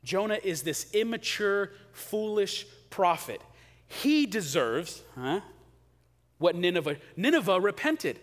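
A man preaches in a loose, conversational way and keeps slipping into acted-out quotes. His voice sits a touch high. A long hall reverb hangs after his words. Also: takes it slowly. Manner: conversational, animated, acts out quotes. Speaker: pastor. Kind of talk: sermon.

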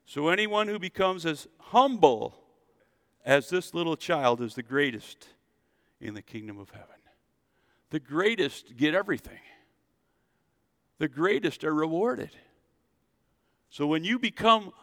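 Animated preacher man leading a sermon. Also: high-pitched. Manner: animated preacher, leads the congregation in call-and-response. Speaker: pastor. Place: church service.

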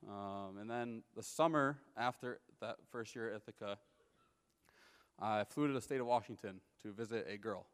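A man's voice: lowish voice, normal speed, clean tone. Young man's testimony in a big echoing hall. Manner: conversational storytelling, checks in with listeners. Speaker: speaker giving a personal testimony. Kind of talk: personal testimony talk to an audience.

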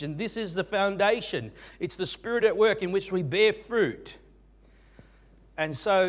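A middle-aged male pastor preaching a sermon in an earnest way, with frequent restarts and fillers. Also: a little high.

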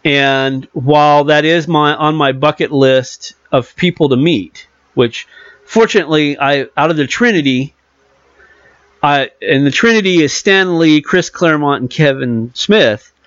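On a dry, muffled recording, a podcast co-host chats casually in a slightly high, somewhat bright, smooth voice at a measured pace. He rambles, corrects himself, and acts out quotes.

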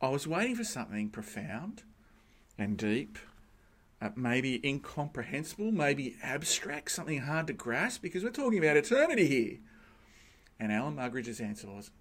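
A man preaches a sermon in a church, his voice swinging widely between soft, reflective asides and loud, emphatic peaks. He slows down to stress key words and talks directly to the congregation. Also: medium pitch. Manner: animated, rising to emphatic peaks with pauses. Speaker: pastor.

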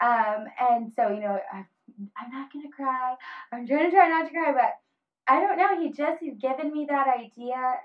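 A woman in her thirties talking earnestly about family and faith in a casual conversation, with many fillers and pauses. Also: high-pitched. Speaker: guest. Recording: slightly dull lo-fi audio.

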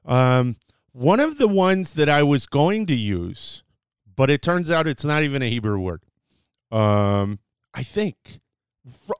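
A man's voice: mid-range voice, clear, resonant tone, dry recording, clean studio sound. A man hosting a casual segment, teaching a few words in a playful, chatty way with fillers and self-corrections. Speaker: host teaching Hebrew words. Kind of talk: casual podcast lesson.

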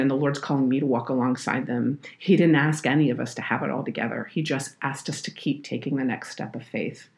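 A low-pitched woman talks on a faith podcast. She tells a personal story in an earnest, heartfelt way. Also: a little mellow. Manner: earnest, heartfelt, tearful at moments. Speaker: podcast guest, children's minister.

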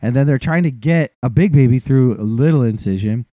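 A man's voice: medium pitch, brisk, no echo, lo-fi sound. A man telling a funny, self-deprecating story in a casual chat and acting out what other people said.

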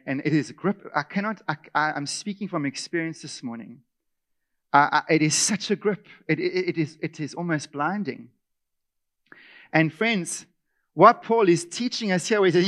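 A man preaching a sermon as pastor, animated, sometimes acting out whiny complaining voices and restarting words when emphatic. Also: high-pitched.

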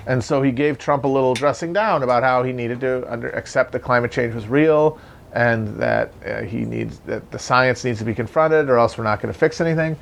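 A man's voice: mid-range voice, a little fast, vocal fry, slight background noise. A man hosting a casual, rambling political commentary, sardonic and profane. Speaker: commentator host.

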